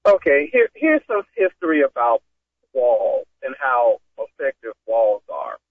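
Man, talk radio co-host, scornful, lively swooping voice, dry tinny phone sound. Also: medium pitch, a little slow, no room sound. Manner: animated, scornful, builds arguments with examples. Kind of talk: political talk radio chat.

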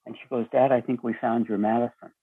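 A man with a raspy voice telling a story as an interview guest, acting out the dialogue with lively shifts. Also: mid-range voice, fast, no echo. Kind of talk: storytelling conversation. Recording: tinny phone line.

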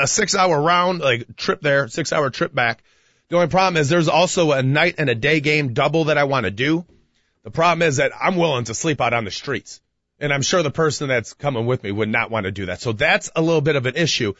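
A man, co-hosting a podcast in a rambling, excitable way, with many restarts and sudden loud bursts. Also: a little high, no room sound, dull audio. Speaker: podcast co-host. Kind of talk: casual radio-style chat.

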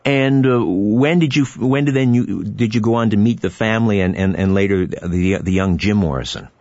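A man hosting a talk show, interviewing a guest in a halting way with many fillers and restarts. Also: fairly low pitch, darkish tone, dry recording, muffled recording. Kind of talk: radio interview.

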